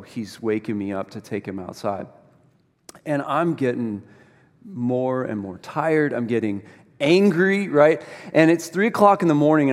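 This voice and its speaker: Pastor telling a story in an echoing hall. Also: male voice, medium pitch. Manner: storytelling, animated, self-deprecating humor. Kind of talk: sermon. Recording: long hall reverb.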